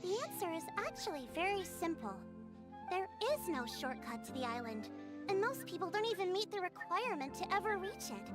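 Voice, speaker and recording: A young game guide: high, lively, gentle storyteller, over music. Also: female voice, a little fast. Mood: explaining. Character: earnest young woman guide, a local storyteller. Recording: game audio with music underneath.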